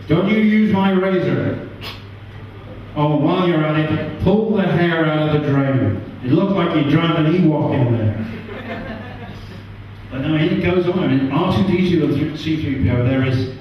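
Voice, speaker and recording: English man, stand-up comic, lively and high-pitched, distant mic in a very echoey pub room. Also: a little hiss or hum. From England. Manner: animated, jumps into high voices for characters. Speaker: stand-up comedian. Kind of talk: stand-up comedy set. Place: pub stage. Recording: distant, roomy and muffled pub recording.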